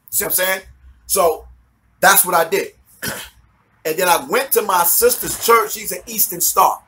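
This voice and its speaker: A man giving a personal testimony to a congregation, telling his story with lively, acted-out quotes. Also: high-pitched. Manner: animated storytelling, acting out his own past voices.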